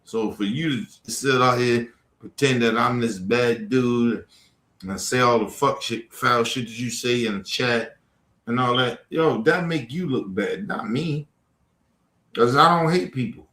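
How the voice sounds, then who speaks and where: Unhurried but forceful, a livestream host in an echoey room goes off on the trolls in his chat with a heated, profane rant. His voice is medium-pitched and bright.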